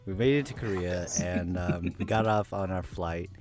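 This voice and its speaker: A man's voice: deep voice, normal speed, over music. A man hosting a casual podcast, telling travel stories in a chatty way into a desk microphone. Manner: chatty, animated storyteller. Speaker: podcast host. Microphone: desk USB microphone.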